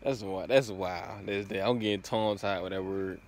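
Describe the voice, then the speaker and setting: A man's voice: low-pitched, fairly even intonation, normal speed. A man vlogging casually, laid-back and full of slang, often stumbling over words and chuckling at himself. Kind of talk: casual vlog.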